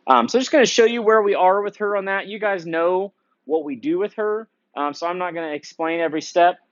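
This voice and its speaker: A male dog trainer explaining a training session in a relaxed way, with many fillers, breaking off to give the dog short, sharp commands. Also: high voice, brisk, no room sound, highs cut off. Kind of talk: training demonstration with commentary.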